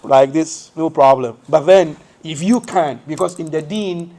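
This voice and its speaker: A fairly high-voiced man gives a mosque lesson. He quizzes his listeners with rhetorical questions and answers them himself. He walks through each point step by step. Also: unhurried, warm tone. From West Africa. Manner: explains step by step, shows hand positions as he speaks. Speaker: Islamic teacher.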